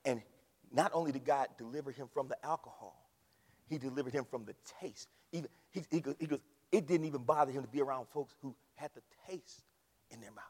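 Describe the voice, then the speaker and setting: A man preaching a sermon, swinging from hushed storytelling to shouted climaxes. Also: medium pitch, a little fast, husky. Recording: long reverb of a large hall.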